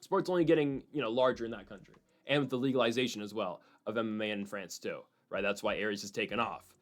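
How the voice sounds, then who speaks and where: A man hosting a solo fight-prediction show, talking in an animated, opinionated way and slipping in quick voices of other people. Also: lowish voice. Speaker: MMA prediction channel host.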